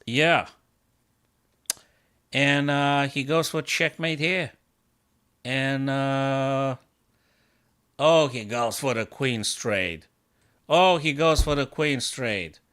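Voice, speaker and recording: A man talking his way through a live chess game at an unhurried, drawn-out pace. He mocks himself and breaks into sudden exclamations, with a voice of middling pitch. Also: fairly bright tone, clear, resonant tone. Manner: self-mocking, bursts into exclamations. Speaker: chess coach streaming his games. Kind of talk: thinking aloud while playing live chess.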